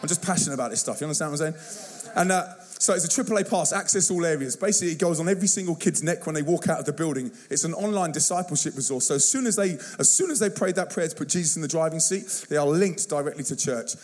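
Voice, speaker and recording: A man preaching an energetic sermon to a church, telling stories in a punchy, slangy, excitable way. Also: a little high, fast talker, few pauses. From United Kingdom. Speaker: guest youth evangelist. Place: church service.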